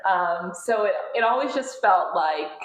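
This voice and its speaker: A woman's voice: medium pitch, unhurried. Earnest young woman in echoey room. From United States. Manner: earnest and animated, laughs often. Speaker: pageant titleholder guest. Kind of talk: casual interview conversation.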